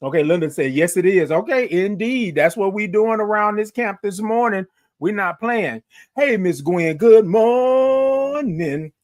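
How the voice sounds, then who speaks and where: Male morning-stream host on a phone, high and very lively, reads out viewer comments and stretches out his greetings. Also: normal speed. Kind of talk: upbeat live-stream chat greeting viewers.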